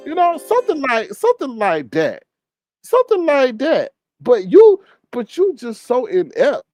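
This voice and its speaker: A man's voice: extremely high pitch, wildly swooping pitch, moderate pace, a little mellow, faint music behind. A man hosting a livestream, chatting casually and gossiping in a sassy way while reading the chat. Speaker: livestream host.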